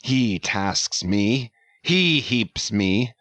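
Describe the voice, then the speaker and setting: A man's voice: lowish voice, animated, very slow, a bit bright, no room sound, full character voice. A man reading the part of an obsessed old whaling captain, delivered as thundering, ranting declamation. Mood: brooding. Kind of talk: audiobook character reading.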